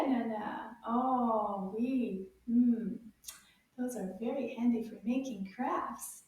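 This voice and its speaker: A woman teaching French words to young children, who repeats each word slowly and encourages them to say it after her. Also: high voice, distant mic. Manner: slow, animated, repeats words for children to copy. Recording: echoey room, voice from off-mic.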